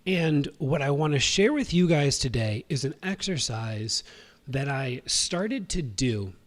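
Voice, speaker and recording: A man's voice: mid-range voice, expressive, a little slow. A man in his thirties hosting a livestream, telling a personal story in a rambling, casual way with many fillers and restarts. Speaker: host.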